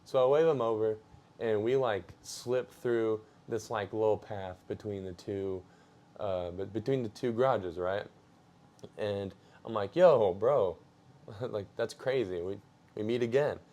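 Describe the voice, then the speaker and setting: A young man with a fairly low voice tells a story in a casual, slangy way. He drifts along with fillers and easy laughs. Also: measured pace, a little mellow. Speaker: streamer telling a story.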